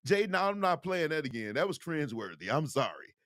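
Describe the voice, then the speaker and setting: A man's voice: on the high side, brisk, loud music behind the voice. A man hosting a video show, talking casually and straight to his viewers. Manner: animated, talks straight to viewers. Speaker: show host.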